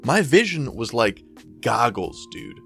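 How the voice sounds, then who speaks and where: A man's voice: medium pitch, sing-song, takes it slowly, gravelly, a bit bright, soft background music. A young man telling a story in a casual, rambling way, full of slang and swearing. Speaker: YouTuber storyteller.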